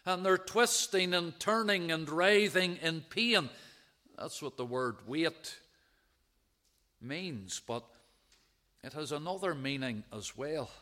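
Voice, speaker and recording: A man preaching a sermon, reading out scripture verses and dwelling on them in a measured, emphatic way. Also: fairly high pitch, sharp tone.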